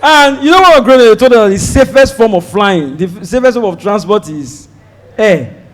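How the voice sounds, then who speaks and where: A Nigerian man performing a stand-up comedy set, telling a story and acting out shouted prayers. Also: sits high, lively intonation, moderate pace. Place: comedy stage before a live audience. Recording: live show with crowd audible.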